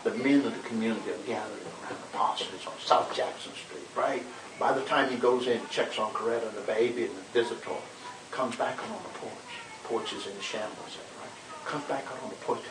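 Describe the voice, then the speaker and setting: An older minister recalls the past in a lively, storytelling voice, stumbling over repeated words as he goes. He sounds far from the mic in an echoey room. A steady hiss runs under the whole recording. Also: mid-range voice, a little fast. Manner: animated storyteller, dramatic quotes, many repeated words. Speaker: civil rights era minister recounting history. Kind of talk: conversational storytelling interview.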